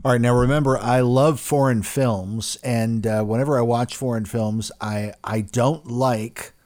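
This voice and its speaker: A man's voice: mid-range voice, steady tone, a little slow. A man delivering a political commentary monologue in an emphatic way. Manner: emphatic, rising loudly when quoting.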